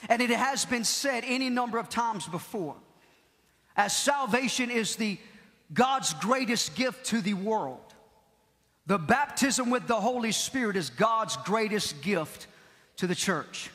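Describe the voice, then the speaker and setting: A man preaching a Pentecostal sermon, impassioned, repeating key phrases and shouting at the peaks. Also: sits high, expressive, measured pace. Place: large church hall. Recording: long hall reverb.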